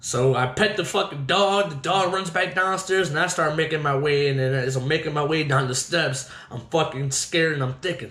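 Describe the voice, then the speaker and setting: A man hosting a podcast, telling his own story casually with constant swearing and an animated delivery. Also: on the high side, moderate pace, few pauses, echoey room, poor audio. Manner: heavy swearing, animated retelling.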